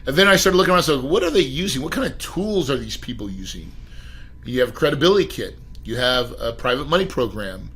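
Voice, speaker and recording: A middle-aged man speaks as a podcast guest, at an everyday pitch. He tells his story with emphatic bursts and keeps turning to address the host. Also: very animated, fast talker, a bit bright, slightly rough, rough recording. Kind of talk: storytelling interview.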